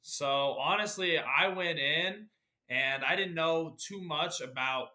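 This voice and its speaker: A teenage boy, a high school athlete, giving easygoing answers in an interview. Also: takes it slowly, bright, forceful tone. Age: teens. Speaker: guest athlete.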